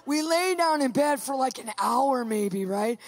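A woman with a high voice tells a funny story to listeners. She is animated and emphatic, and she leans into every dramatic turn of her retelling. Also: unhurried, some chatter behind. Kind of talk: comic storytelling monologue.

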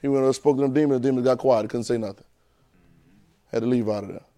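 In a medium-pitched voice with fairly even intonation, a man preaches a sermon at a quick pace, emphatic and repetitive. He swings from shouts to quiet asides and keeps putting rhetorical questions to the congregation in colloquial language. There's no echo.

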